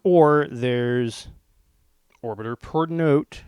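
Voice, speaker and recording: A man's voice: medium pitch, extremely slow, music in the background. A man casually walking through a synthesizer demo, rambling and jokey, with the odd swear and silly put-on accents. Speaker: gear reviewer demonstrating a synth. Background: synthesizer tones playing.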